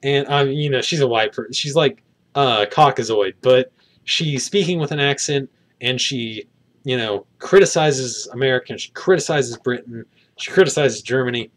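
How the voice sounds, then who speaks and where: A man's voice: mid-range voice, moderate pace, a bit bright. A man giving a casual spoken film review outdoors, rambling and hedging with many fillers.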